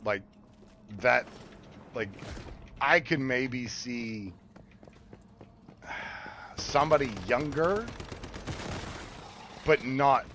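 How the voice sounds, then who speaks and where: A man's voice: medium pitch, extremely slow, pauses often, a bit bright, a little hiss or hum. A man, a parent, chatting casually and bluntly with heavy swearing while he streams a game. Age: adult parent. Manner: profane, blunt and emphatic. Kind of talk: casual chat while gaming. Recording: game sounds and gunfire behind. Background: game ambience and gunfire.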